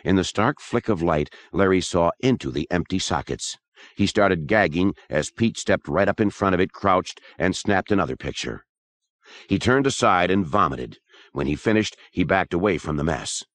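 A man narrating a horror audiobook in a steady, measured reading. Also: low voice, no room sound.

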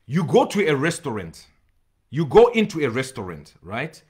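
A man's voice: mid-range voice, huge pitch swings, normal speed, darkish tone, breathy edge. A man preaching an emphatic sermon, repeating phrases and breaking into bursts of tongues.

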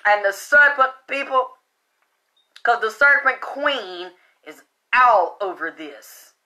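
A woman's voice: on the high side, expressive, slow, sharp tone. A woman giving a casual tarot card reading, chatty and profane, often breaking into laughter. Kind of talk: casual spiritual reading monologue.

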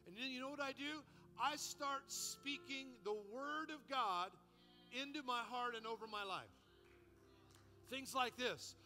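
A man's voice: very high voice, measured pace, sharp tone. A man preaching a sermon as pastor, impassioned and commanding, in a church sanctuary. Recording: music under a reverberant hall.

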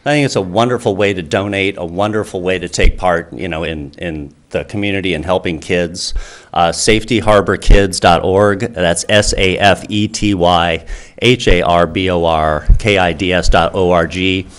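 A man's voice: deep voice, steady tone, moderate pace, fairly bright tone. A man who founded a charity, speaking earnestly to a town council with many fillers and restarts. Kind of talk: public comment speech.

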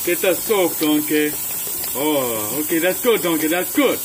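A man's voice: on the high side, animated, measured pace, a little hiss or hum. A man playing a goofy, dramatic male ogre in an amateur comedy skit, whining and repeating his sidekick's name. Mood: silly griping. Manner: goofy, whiny, repeats "donkey".

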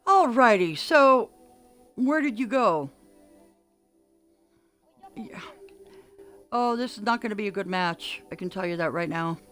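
Lively older woman streaming a game. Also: medium pitch, measured pace, pauses often, faint music behind. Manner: chatty, excitable, calls out orders to teammates. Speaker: gaming streamer. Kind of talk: live gameplay commentary.

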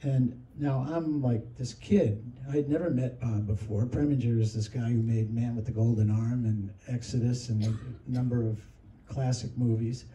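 A man with a mellow, warm voice tells an anecdote in an easy, animated way, slipping into the voices of the people in it. He sits back from the mic, and the room adds a roomy echo around his words. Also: mid-range voice, moderate pace, hardly any pauses, a little hiss or hum. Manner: animated storyteller who acts out others' lines. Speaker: interviewee recounting anecdotes. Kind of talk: casual anecdotal storytelling. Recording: roomy sound from a distant mic.

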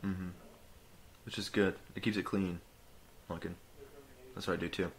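A man's voice: sits low, flat delivery, normal speed. A young man co-hosting a podcast, chatting casually with blunt, dramatic refusals. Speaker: podcast co-host. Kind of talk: casual chat.

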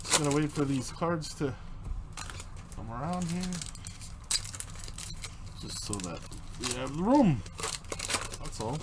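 A man with a slightly high voice hosts a live card break. He talks at an unhurried pace, calls out player names and chats with viewers, with faint noise in the background. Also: animated. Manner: reads out player names while opening packs, chatting with viewers. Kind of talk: live card-opening commentary.

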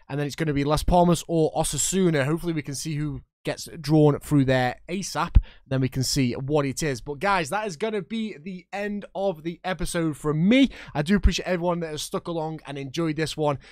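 A man's voice: a little high, darkish tone, dry recording, clean studio sound. A young man commentating his own football video game match, getting worked up at referees and chatting to his viewers. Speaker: gaming YouTuber.

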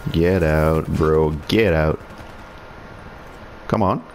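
A man with a deep, low voice talks slowly through his online shooter match, sarcastic and swearing as he grumbles about the other players. English is not his first language; he grew up speaking French. A faint hum sits under his voice. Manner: sarcastic, swearing, frustrated muttering. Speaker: gaming streamer. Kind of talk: live gameplay commentary.

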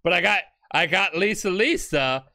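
A drunk podcaster voicing a smug, mocking male villain who gloats quickly in a comedic retelling. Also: mid-range voice, expressive, bright, forceful tone, no room sound, clean studio sound. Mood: gloating.

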